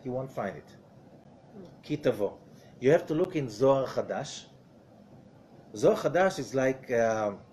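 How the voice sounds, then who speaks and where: A man's voice: mid-range voice, a little mellow, a little hiss or hum. A man, a rabbi, teaching a Zohar study lesson in a conversational way, often asking rhetorical questions.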